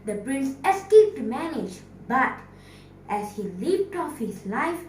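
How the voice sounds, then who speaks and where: Slow, expressive woman storyteller. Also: high-pitched. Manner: expressive, dramatic storyteller asking the audience questions. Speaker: teacher. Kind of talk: storytelling competition performance. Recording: echoey room, distant mic.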